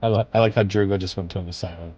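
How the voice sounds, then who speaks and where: Low-voiced man who laughs a lot. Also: fairly even intonation, racing, a little mellow, husky, muffled recording. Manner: teasing, laughs often. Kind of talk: casual chat while gaming.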